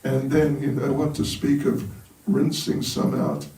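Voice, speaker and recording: Slow-talking monk in a roomy temple hall. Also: male voice, mid-range voice, big pitch swings, warm tone, distant mic. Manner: humorous, chuckles at his own jokes. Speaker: monk giving a talk at a temple. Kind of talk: storytelling sermon.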